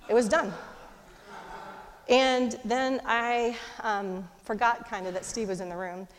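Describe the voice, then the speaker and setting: A middle-aged woman telling a personal story in a fast, animated way, with lively voices for the people she quotes. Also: a little high. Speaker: speaker. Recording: long hall reverb.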